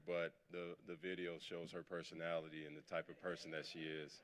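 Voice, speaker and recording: Very deep, flat-voiced coach at the podium, hesitant, lots of ums. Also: male voice. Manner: halting, with many fillers, emotional. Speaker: new head basketball coach. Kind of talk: press conference remarks. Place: press conference podium in a hall.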